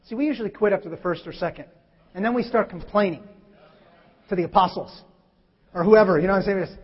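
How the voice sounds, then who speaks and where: A male preacher giving a lively sermon, acting out scripture lines with sudden loud bursts. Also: high-pitched, fast, long pauses, slightly rough. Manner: animated, acts out scripture quotes with sudden loud shifts. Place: church hall. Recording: muffled hall recording.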